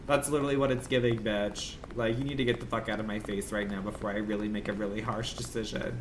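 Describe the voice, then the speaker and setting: A man's voice: lowish voice, flat delivery, fast, hardly any pauses, slight background noise. A young man livestreaming a game, rambling in a campy, dramatic, profane way at home. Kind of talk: casual game commentary.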